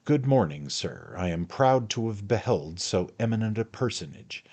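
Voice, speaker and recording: A man voicing a grave, pompous gentleman host who speaks in an effusive, flattering way. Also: fairly low pitch, normal speed, pitched above the performer's own voice. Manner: effusive, formal, fawning.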